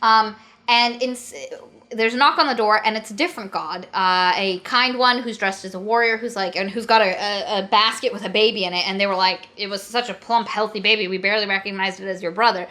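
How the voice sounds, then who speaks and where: A woman's voice: medium pitch, a little fast, pushed and bright. A woman co-hosting a casual book-critique podcast, retelling a story with acted-out quotes and swearing. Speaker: podcast co-host.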